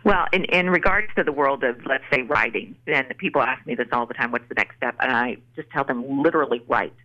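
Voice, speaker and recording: A woman's voice: rumbling low, fairly quick. Casting: earnest woman guest, storytelling testimony, muffled lo-fi remote audio. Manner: earnest storyteller, acts out quotes. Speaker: author guest. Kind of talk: faith testimony in a podcast interview.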